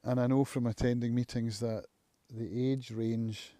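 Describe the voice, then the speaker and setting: A man hosting his own live stream from home, thinking aloud in a reflective, musing way with frequent pauses. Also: medium pitch, little pitch movement, dark tone, dry recording. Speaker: channel host, recovering alcoholic. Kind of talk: casual live-stream monologue.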